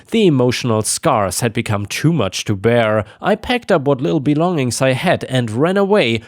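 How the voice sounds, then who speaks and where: A man's voice: mid-range voice, no echo, clean studio sound. A man reading a dramatic first-person family story as the channel's narrator. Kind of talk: scripted narration of a reddit story.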